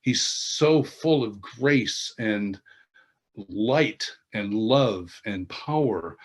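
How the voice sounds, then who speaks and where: A man interviewed as an author, telling a personal faith testimony in an earnest, halting way that often restarts sentences. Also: on the low side, animated. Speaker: interviewed author and worship leader.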